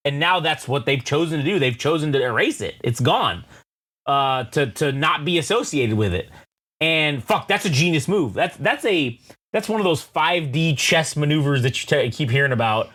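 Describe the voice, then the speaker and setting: A man's voice: on the high side, lively intonation, moderate pace, a bit bright. A man co-hosting a casual podcast chat, swearing freely and riffing on his opinions. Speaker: podcast co-host.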